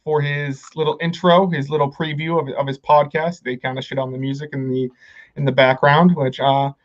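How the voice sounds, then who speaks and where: A man's voice: fairly high pitch, level tone, fairly quick, muffled recording. A man hosting a podcast in casual chat, rambling and swearing, with lots of restarts. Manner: rambling, profane, many restarts. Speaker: podcast host.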